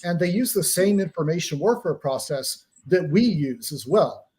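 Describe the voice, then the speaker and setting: Higher-voiced man explaining psyops. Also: animated, normal speed, a little mellow. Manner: lecturing, leans on pop-culture analogies. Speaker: guest author on psychological operations. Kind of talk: explanatory interview talk.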